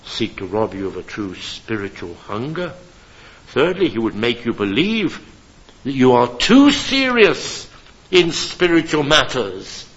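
A man preaching from a church pulpit, impassioned and emphatic, swinging between loud declarations and hushed appeals. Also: mid-range voice, very animated, unhurried, lo-fi sound. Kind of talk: sermon.

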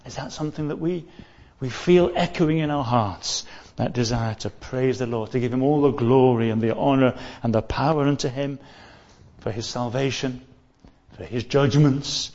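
A man's voice: medium pitch, a little mellow, highs cut off. A man preaching a sermon in an earnest way, often restarting and repeating phrases as he stresses key words.

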